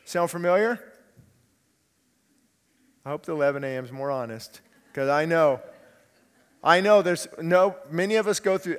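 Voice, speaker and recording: A man's voice: a little high, lively intonation, normal speed, pauses often. Earnest male pastor in echoing church. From California, USA. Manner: earnest, conversational preaching with rhetorical questions. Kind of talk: sermon. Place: church sanctuary. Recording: long church hall reverb.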